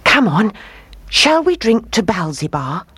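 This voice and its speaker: A woman's voice: medium pitch, sing-song, a little slow, a bit bright, breathy edge, pitched above the performer's own voice, exaggerated voice. A woman voicing a secretive eldest princess who coaxes her sisters, in a storybook reading. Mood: coaxing.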